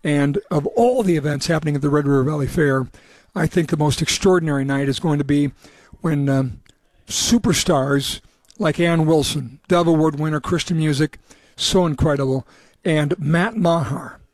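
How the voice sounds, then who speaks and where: A man's voice: fairly high pitch, normal speed, darkish tone, no echo. A man hosting a radio talk show on location at an indoor event, chatting casually and rambling a little. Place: indoor event at a city hall.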